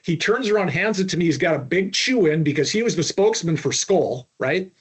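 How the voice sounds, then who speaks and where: A man's voice: a little high, lively intonation, fairly quick, husky. A middle-aged man from Minnesota, a podcast guest telling long stories with lots of restarts and fillers. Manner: rambling anecdotes with many restarts and fillers. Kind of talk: storytelling interview.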